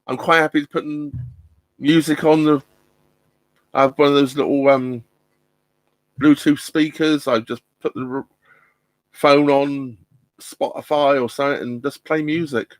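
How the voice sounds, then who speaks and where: A man's voice: a little high, fairly even intonation, a little slow, pauses often, dry recording. A middle-aged man chatting casually on a live stream from inside his narrowboat, hesitant and full of ums and restarts. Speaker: vlogger hosting a live stream. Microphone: laptop mic.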